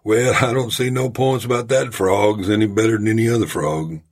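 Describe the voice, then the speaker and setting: A man doing a shrewd, deliberate stranger. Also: fairly low pitch, fairly even intonation, breathy edge. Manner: slow and very deliberate.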